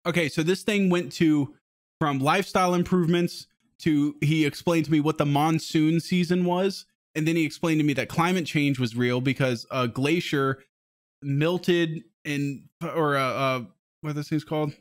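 A man's voice: a little high, fairly even intonation, normal speed. A man hosting a podcast, telling a story in a casual, rambling way, swearing often and laughing. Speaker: podcast host.

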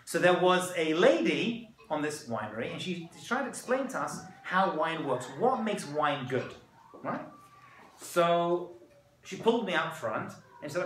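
Man rabbi lecturing, high bright voice, very lively pitch, echoey room heard from afar. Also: measured pace, far from the mic, slight background noise. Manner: animated, acts out quoted voices, jokes with audience. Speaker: rabbi giving a talk. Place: room with audience.

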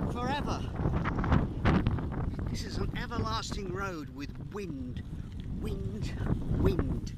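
A man's voice: high voice, very noisy. A man tells cheerful, self-mocking stories from a long cycling pilgrimage in a chatty, playful way. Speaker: speaker presenting his cycling pilgrimage. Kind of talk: casual storytelling talk with travel video clips.

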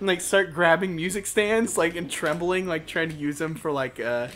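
A man's voice: high-pitched, normal speed, hardly any pauses, fairly bright tone, a little hiss or hum. A young man casually commentating a video game as host, swearing often and laughing and yelping at what happens on screen. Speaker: let's play host.

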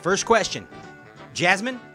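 A man hosting a talk show, running a joking quiz game with lively, laughing delivery. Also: high voice, takes it slowly, soft background music.

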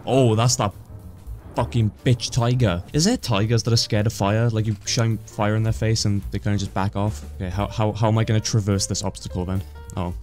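Swearing, joking gaming commentator man. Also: fairly low pitch. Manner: joking, swears a lot, excitable reactions. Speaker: gaming YouTuber. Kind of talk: casual let's play commentary.

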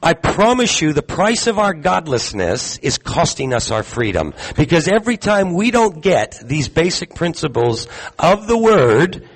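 A man giving a live sermon to a congregation, talking conversationally, putting questions to the room and filling pauses with ums. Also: a little high, very animated, breathy edge, rough recording. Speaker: teacher at a congregation gathering. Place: gathering hall with audience.

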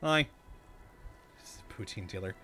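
A man's voice: low voice, animated, normal speed, bright, forceful tone. Chatty man playing a game and laughing. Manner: chatty, amused, laughs often and talks to himself. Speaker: gaming channel host. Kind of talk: casual let's-play commentary.

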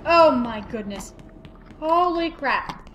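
A woman's voice: high-pitched, lively intonation, slow pace, a bit bright, lo-fi sound, slight background noise. A woman playing a horror game and commenting, panicky, swearing and repeating words in frantic bursts. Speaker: let's play gamer.

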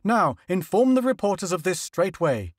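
A man's voice: sits high, very animated, moderate pace, no room sound, clean studio sound, pitched above the performer's own voice. A man voicing an imperious, wealthy male newspaper magnate who fires off demanding, impatient questions. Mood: brisk, demanding.

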